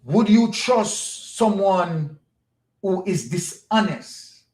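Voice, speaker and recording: A man's voice: high-pitched, lively intonation, very slow, darkish tone, roomy sound. A Jamaican man giving an opinionated political monologue as a commentator, pressing his points with rhetorical questions and repetition.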